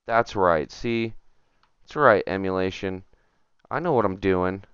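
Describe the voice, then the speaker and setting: A man's voice: low-pitched, measured pace, fairly bright tone, clear, resonant tone, no echo, dull audio. A man streaming a retro game, talking to himself and his viewers as he plays, getting frustrated and muttering. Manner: chatty, self-talking, gets frustrated and mutters. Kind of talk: casual gameplay commentary.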